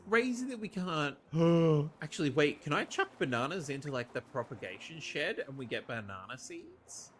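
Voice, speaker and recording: A man's voice: a little high, moderate pace, few pauses, faint music behind. A man casually commenting on a farming game playthrough, joking and talking to the characters. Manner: animated, jokey, talks to game characters. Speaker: streamer.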